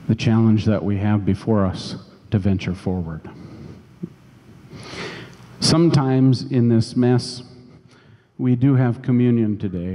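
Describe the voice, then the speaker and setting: A man's voice: lowish voice, warm tone. A man preaching a sermon as pastor, telling a personal story in a conversational way. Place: church sanctuary. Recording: long church reverb.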